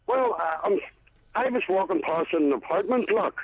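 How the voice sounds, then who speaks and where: A man with a Northern Irish accent calling in to a radio show, telling a long joke in a halting, deadpan way. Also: high-pitched, creaky, slightly rough, no echo. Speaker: phone-in caller. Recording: tinny phone line.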